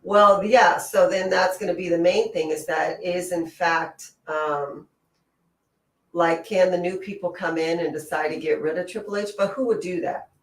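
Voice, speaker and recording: A co-host in a casual wrestling chat, emphatic and reacting quickly. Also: medium pitch, fairly even intonation, a bit bright, recorded from a distance. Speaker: podcast co-host. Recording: echoey room, off-mic.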